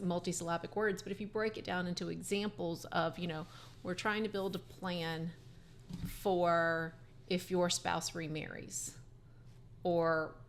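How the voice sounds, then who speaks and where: A woman lawyer on a podcast, speaking in casual conversation, pausing with ums as she thinks. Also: on the low side, creaky. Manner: thoughtful, frequent ums and restarts. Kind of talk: casual professional chat.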